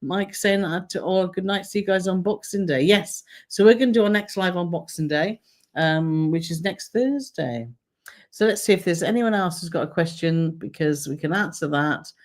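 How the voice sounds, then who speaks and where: A woman's voice: fairly low pitch, moderate pace, a little mellow. A woman co-hosting a travel live stream, chatting casually and reading out viewer comments with frequent laughter. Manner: chatty, laughs often, reads comments aloud.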